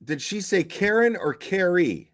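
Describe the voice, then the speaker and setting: A man giving casual livestream commentary, halting and repeating words as he questions and answers his chat. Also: high-pitched, lively intonation. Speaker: online commentator.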